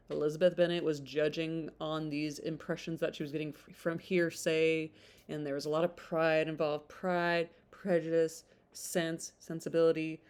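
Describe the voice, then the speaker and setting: A woman's voice: low-pitched, a little mellow, smooth. A woman chatting casually as a book vlogger, rambling with lots of filler words and restarts. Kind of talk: casual chat about a novel.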